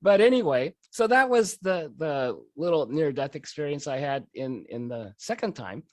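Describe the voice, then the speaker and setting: Lively man laughing through a story. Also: on the high side, moderate pace, dry recording. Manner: laughs often while telling the story; lively, animated delivery. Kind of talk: personal storytelling.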